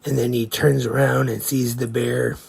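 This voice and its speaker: A man's voice: medium pitch, little pitch movement, gravelly, darkish tone, slightly rough. A man hosting a podcast, retelling a comedy short scene by scene in a plain, casual way. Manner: slow, plain play-by-play retelling. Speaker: podcast host.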